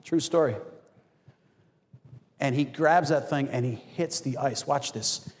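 A man preaching a sermon as pastor, telling stories with animated acted-out quotes. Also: medium pitch, slow pace. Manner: animated storytelling, acts out quotes. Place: church hall. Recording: long hall reverb.

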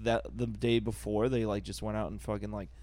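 A man's voice: on the low side, little pitch movement, fairly quick, a little mellow. A man co-hosting a comedy podcast, talking in casual, crude, joking banter and often laughing. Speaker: podcast co-host.

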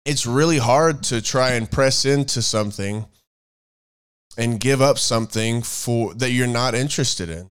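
A man co-hosting a casual faith-based chat, rambling and thinking out loud as he searches for words. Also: mid-range voice, unhurried, clean tone. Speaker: podcast co-host.

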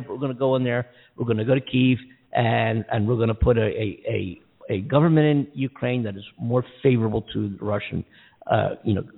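A man co-hosting a radio talk show, chatting casually about the news and often losing his train of thought and laughing at himself. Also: medium pitch. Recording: phone-like streaming audio.

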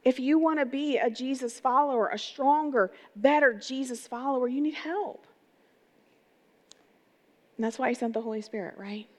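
A middle-aged woman pastor giving an energetic, conversational sermon, often putting rhetorical questions to her congregation. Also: high-pitched, normal speed. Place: church sanctuary. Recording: long reverb of a large hall.

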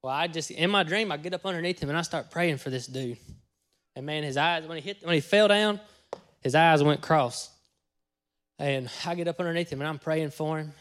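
Man, pastor, testimony sermon, folksy storyteller, loud acted-out bursts, fairly high voice. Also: brisk. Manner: folksy storytelling, acting out his own lines with sudden loud bursts.

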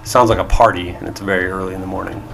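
Low-voiced male game master. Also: quick pace, vocal fry. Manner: relaxed, hesitant narration with restarts. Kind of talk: narrating a tabletop game.

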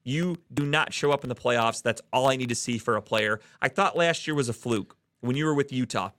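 A man from the Cleveland area rants about sports on a casual podcast, swearing freely as he vents his anger. His voice sits at a middle pitch. The recording is close and dry, with no room sound. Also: fairly quick, fairly bright tone, no echo. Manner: profane, heated ranting. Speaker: podcast host.

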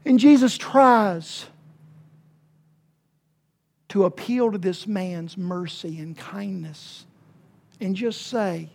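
A woman preacher, giving a sermon with folksy humor and dramatic swings between hushed and loud emphasis. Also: mid-range voice, slow pace, vocal fry, long pauses. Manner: folksy and humorous, with playful asides.

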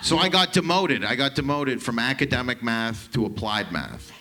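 A man in his thirties from Canada doing a stand-up set, telling profane, rambling stories with quick asides. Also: medium pitch, animated, bright, forceful tone, a little hiss or hum. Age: 30s. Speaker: stand-up comedian.

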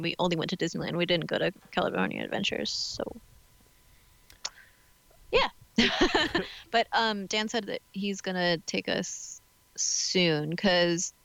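A woman chatting casually, laughing often and reacting warmly to a friend's stories. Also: medium pitch, no room sound, poor audio. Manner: laughs often, supportive listener. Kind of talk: casual chat.

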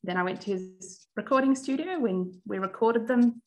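A woman's voice: a little high, moderate pace, rough recording. A woman who teaches music, a guest in a podcast interview, talking cheerfully and chattily with frequent ums and laughs. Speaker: guest, primary music teacher and Braille educator. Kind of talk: casual interview.

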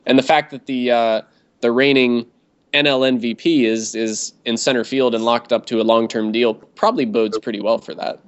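A man's voice: medium pitch, steady tone, normal speed. Dry, sarcastic man on a podcast. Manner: dry, sarcastic, laughs often. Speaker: podcast co-host. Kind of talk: casual sports chat. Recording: dull lo-fi sound.

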